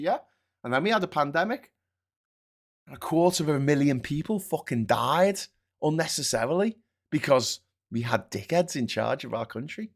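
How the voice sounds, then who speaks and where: Brief: male host, sweary sarcastic political rant, mid pitch, lively swings. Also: gravelly. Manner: sarcastic, profane, mocking put-on voices. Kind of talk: sweary live-stream rant.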